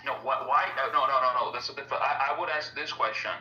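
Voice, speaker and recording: Halting Italian-accented man, echoey and distant. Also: mid-range voice, fairly even intonation, pushed and bright. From Italy. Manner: halting, many restarts. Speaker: caller. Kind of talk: casual online group chat. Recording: echoey, distant, dull sound.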